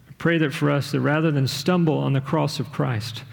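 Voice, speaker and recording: A man's voice: a little high, steady tone, a little fast, creaky, in a large hall. A man preaching a sermon as pastor, earnest, reading a story passage aloud with feeling.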